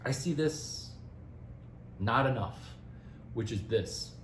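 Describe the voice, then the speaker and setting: A man giving career advice in a rambling, animated casual talk, often laughing and restarting his sentences. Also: mid-range voice, takes it slowly, reverberant, slight background noise, low-quality recording.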